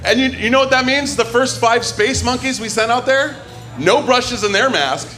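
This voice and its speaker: A man's voice: very high voice, moderate pace, bright, forceful tone, soft background music. A man hosting a comedy open mic, telling loose, joking stand-up bits on a club stage. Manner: loose, joking, does silly voices for bits. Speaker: comedy show host.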